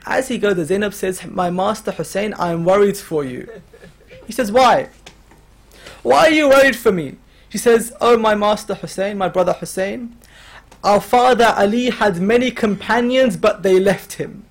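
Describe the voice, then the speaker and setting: A man's voice: high-pitched, normal speed. A man giving a mourning sermon, telling a story and voicing its figures, his delivery growing more emotional as it goes. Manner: storytelling, quoting figures with rising emotional intensity. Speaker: religious speaker. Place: lecture hall.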